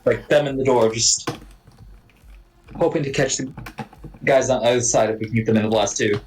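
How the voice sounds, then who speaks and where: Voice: mid-range voice, brisk, a little mellow, poor audio. A player chatting casually in a tabletop game, describing their character's actions.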